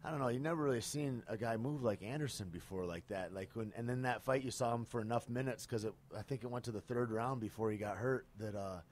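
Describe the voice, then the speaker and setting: A man's voice: medium pitch, fast talker, few pauses, darkish tone, slight background noise. A man hosting a podcast in casual chat, laid-back and swearing freely. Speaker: podcast host.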